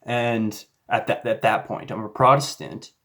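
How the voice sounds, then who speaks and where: Slow-talking man telling his story. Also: medium pitch, level tone, a bit bright. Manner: casual, rambling, many fillers and restarts. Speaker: YouTuber. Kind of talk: personal faith story.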